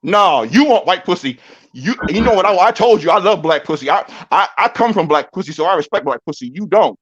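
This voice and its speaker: A boastful man talks fast in a high, quick voice, repeating and stumbling over phrases as he calls in. The call audio is dull and lo-fi, like a muffled line. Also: animated, husky. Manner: boastful, repetitive, stammering. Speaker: caller. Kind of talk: heated casual banter.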